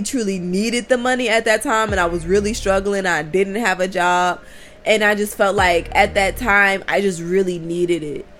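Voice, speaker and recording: With a medium-pitched, fairly bright voice, the spiritual vlogger addresses her viewers in a candid, casual monologue. She sounds worn from having cried recently, confiding and laughing through her frustration.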